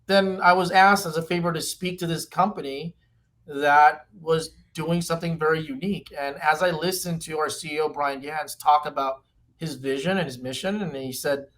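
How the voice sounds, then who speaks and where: A man in his fifties with a somewhat high voice, speaking as a guest on a podcast. He pitches his company's product through lively, animated storytelling. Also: moderate pace. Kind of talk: podcast interview.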